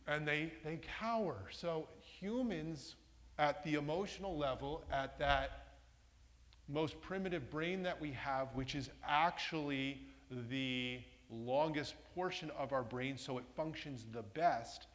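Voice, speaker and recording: A man giving an interactive workshop talk to a live audience, often putting questions to them. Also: a little high. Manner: engaging, asks the audience questions. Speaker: workshop presenter. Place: large meeting room with a masked audience. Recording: long reverb from a hall.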